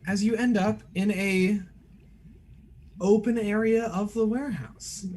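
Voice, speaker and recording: A man's voice: high voice, steady tone, unhurried, a little mellow. A man narrating a tabletop game as game master, describing scenes loosely with frequent "like" and "uh".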